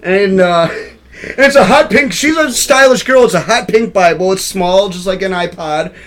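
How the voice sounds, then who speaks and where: A man's voice: sits high, moderate pace, fairly bright tone. A young man hosting a live web show, reading odd news stories and riffing on them crudely with frequent laughter. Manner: laughs often, rambling and irreverent. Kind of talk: loose crude comedic news chat.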